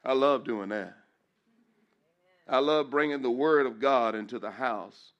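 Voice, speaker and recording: In a muffled recording, a middle-aged pastor gives an emotional testimony in church, repeating phrases and rising into praise while his voice breaks at times. He speaks unhurriedly at medium pitch.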